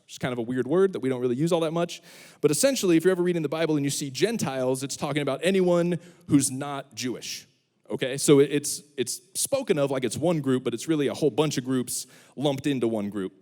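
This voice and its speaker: A man's voice: fairly high pitch, fast talker. A young man giving a humorous sermon as student pastor, telling stories and acting out voices. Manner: animated storyteller, acts out voices. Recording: long hall reverb.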